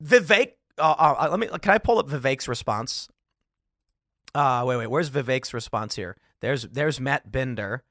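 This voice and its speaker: A man hosting a political commentary show, talking in an animated way and laughing as he reads jokes aloud. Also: mid-range voice, normal speed, dry recording, studio quality. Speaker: host.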